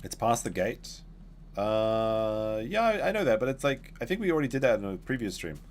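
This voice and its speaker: A man's voice: mid-range voice, big pitch swings, normal speed, a little hiss or hum. A man streaming a dinosaur game, rambling casually to his chat while he plays. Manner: rambling, chatty, talks to chat while playing. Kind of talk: casual gameplay commentary.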